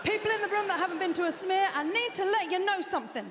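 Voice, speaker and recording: A woman's voice: extremely high pitch, expressive, fast, echoey room, long reverb tail, noisy background. A British woman performing a stand-up comedy set, telling a story in a punchy way and acting out the dialogue. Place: live comedy venue with audience laughter.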